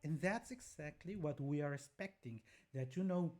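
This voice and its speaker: A woman's voice: low voice, lively intonation, moderate pace, darkish tone. A woman, co-hosting a music show and explaining vocal technique in detail, with a patient, teacherly manner. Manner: explanatory, demonstrates by singing phrases. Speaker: co-host and vocal coach. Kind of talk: analytical music commentary with sung examples.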